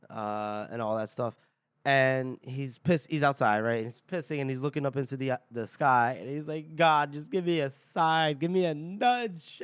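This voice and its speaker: Podcast co-host, male, smooth resonant voice, dry close sound, lively storyteller. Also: medium pitch, no room sound. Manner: animated retelling with acted-out quotes and laughter. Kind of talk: casual book discussion.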